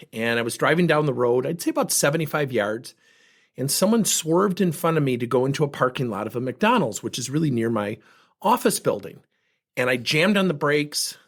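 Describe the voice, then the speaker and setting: A husky, slightly breathy man hosts his own show and tells personal stories with a lively, swooping delivery. He speaks candidly, as a coach reflecting on his own behavior. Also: on the high side. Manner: candid, animated storyteller. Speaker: podcast host and coach. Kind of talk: personal storytelling monologue.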